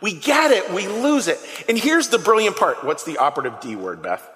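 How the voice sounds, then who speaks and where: A man with a high, bright voice gives an animated sermon and keeps asking the people in the pews questions. His voice rings out in a long reverberant church hall. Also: brisk. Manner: animated, conversational, asks the congregation questions. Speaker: pastor. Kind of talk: lively sermon. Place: church sanctuary. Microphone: handheld microphone.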